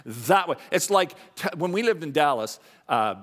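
A pastor in his fifties preaching a sermon in a church, shifting between quiet confessional moments and raised emphatic points. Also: normal speed. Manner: animated preaching, swings between soft confessional lows and raised emphatic highs. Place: church sanctuary.

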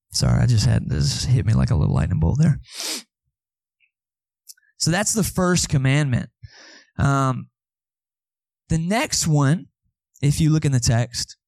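A man's voice: mid-range voice, vocal fry, a little mellow, no room sound, clean studio sound. A man preaching a sermon as pastor, conversational, with asides to the congregation.

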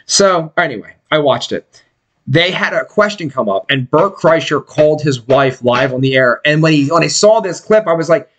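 A man co-hosting a podcast, joking crudely and mimicking people in squeaky voices. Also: lively intonation, normal speed, fairly bright tone. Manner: jokey, mimics others in high voices. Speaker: podcast co-host. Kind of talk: crude casual banter.

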